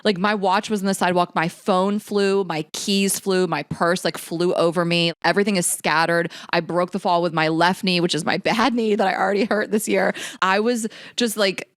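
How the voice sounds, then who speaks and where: A woman's voice: lowish voice, fairly even intonation, moderate pace, hardly any pauses, dry recording, clean studio sound. A woman co-hosting a podcast, telling a story in casual chat, chatty and laughing as she goes, swearing freely. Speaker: podcast co-host.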